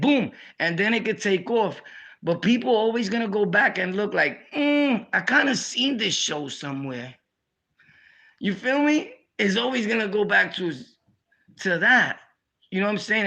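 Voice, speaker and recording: A young man with a New York accent telling jail stories in a casual, slangy, animated way for his video channel. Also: high-pitched, vocal fry. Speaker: YouTube storyteller. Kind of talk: casual storytelling vlog.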